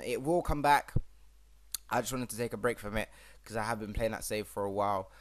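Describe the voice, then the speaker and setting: A man's voice: mid-range voice, steady tone, fairly quick, background noise. A young man hosting his own gaming channel, chatting casually and rambling through a football management game with plenty of fillers.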